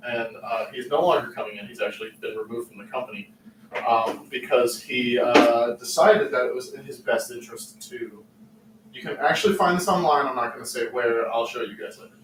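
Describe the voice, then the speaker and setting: Animated swearing man, off-mic in room. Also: medium pitch, brisk, recorded from a distance. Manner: animated storyteller, acts out quotes, swears freely. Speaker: podcast co-host. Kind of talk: casual chat among friends. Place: room at a casual drinking podcast. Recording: roomy, off-mic with faint background noise.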